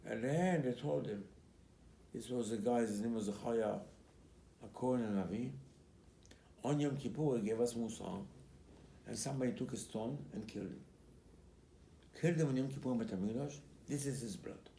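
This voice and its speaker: A man who is a rabbi, giving a Torah class as an animated storyteller who acts out quotes and repeats his key points. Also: mid-range voice, normal speed, long pauses. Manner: emphatic, repeats key phrases. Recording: roomy recording with faint background noise.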